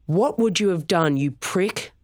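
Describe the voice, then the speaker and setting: A narrator voicing a hotheaded young man yelling and swearing at a rival in an audiobook. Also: mid-range voice, animated, a little slow, no echo, studio quality, pitched above the performer's own voice, natural voice. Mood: furious.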